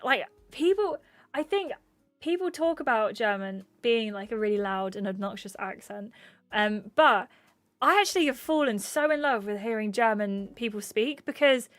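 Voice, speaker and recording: Streamer: English woman, fairly high pitch, rambling chatty delivery, dry close sound, faint music underneath. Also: fairly bright tone, dry recording. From England. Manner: rambling, chatty, laughs often. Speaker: streamer reading chat. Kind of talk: casual livestream chat.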